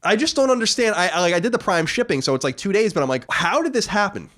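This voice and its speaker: A man's voice: high voice, sing-song, very fast, fairly bright tone. A man co-hosting a casual podcast, reading out news and joking loosely with his co-host.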